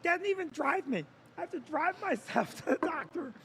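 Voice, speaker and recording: A middle-aged man, a comedian, telling comic stories in a casual chat with an animated, exaggerated delivery. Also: extremely high pitch, normal speed, slight background noise. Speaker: comedian and co-host.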